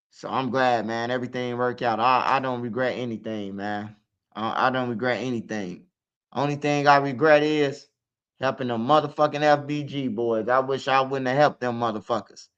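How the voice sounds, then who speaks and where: A man's voice: medium pitch, pushed and bright, smooth, muffled recording. A man with a Chicago accent telling his story in casual, profane street slang, full of "man" and "bro".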